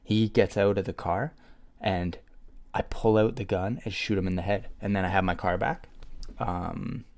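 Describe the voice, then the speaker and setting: A man in casual chat, playfully spinning a hypothetical revenge story with quick, animated bursts and frequent laughter. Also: deep voice, gravelly.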